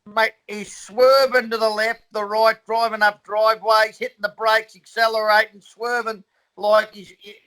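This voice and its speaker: A man's voice: sits high, little pitch movement, moderate pace, pushed and bright. A man in a casual chat who jumps in and cuts across the others. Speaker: guest, boxing trainer.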